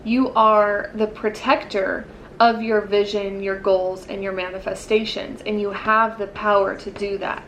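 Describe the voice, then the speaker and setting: A woman's voice: mid-range voice, flat delivery, measured pace, a bit bright, a little hiss or hum, poor audio. A woman giving a casual pick-a-card tarot reading, rambling and searching for words with lots of fillers, yawning now and then. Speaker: tarot reader.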